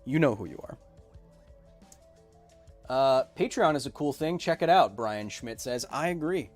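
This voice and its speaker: A man's voice: medium pitch, expressive, a little slow, soft background music. Caffeinated man rambling on a livestream. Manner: rambling, self-described super caffeinated. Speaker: podcast host reading chat. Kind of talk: casual livestream chat.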